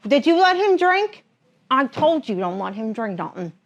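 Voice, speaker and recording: A woman's voice: high-pitched, very animated, normal speed, no room sound, dull audio, voice pushed up, full character voice. Woman doing a bossy Philly mom. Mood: scolding. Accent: Philadelphia. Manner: bossy, griping, blunt. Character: brash middle-aged Philly mom, smoker.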